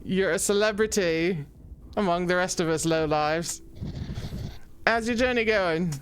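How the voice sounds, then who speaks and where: A woman's voice: lowish voice, measured pace, slight background noise, close to an everyday voice. A woman voicing a chatty, boastful male postman from the underworld. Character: cheeky male demon-world postman. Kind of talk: let's play voice acting.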